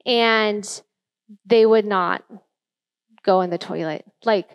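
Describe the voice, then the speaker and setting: A woman speaking on a church panel as a parent, telling stories in an earnest, animated way. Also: medium pitch, slow, smooth, no echo, dull audio. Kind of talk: candid panel talk. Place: church room.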